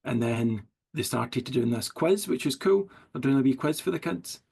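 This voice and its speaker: A man's voice: medium pitch, lively intonation, moderate pace, creaky, a little mellow, husky. A middle-aged Scottish man, a writer as interview guest, rambling through anecdotes full of likes and quoted dialogue. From Scotland. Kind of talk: casual storytelling chat.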